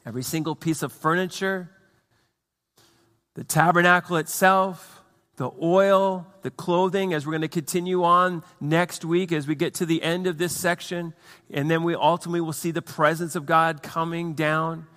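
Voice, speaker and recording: Guy preaching in church, kinda high voice, echoey hall, casual with little acted bits. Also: fairly even intonation, moderate pace, fairly bright tone. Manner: conversational preaching with restarts and acted asides. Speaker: pastor. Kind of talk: sermon.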